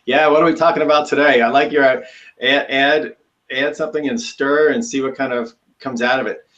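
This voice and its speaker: A man's voice: medium pitch, steady tone, fairly quick, fairly bright tone. A man co-hosting a casual talk show, easygoing and joking, on a dull lo-fi remote line. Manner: easygoing, joking, laughs between thoughts. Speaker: co-host.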